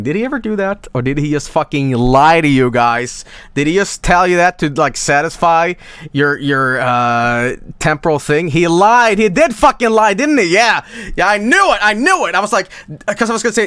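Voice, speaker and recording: Swedish-accented streamer, casual and profane; animated pitch, dry close mic. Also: male voice, moderate pace, smooth, no room sound. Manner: rambling, profane, laughing asides.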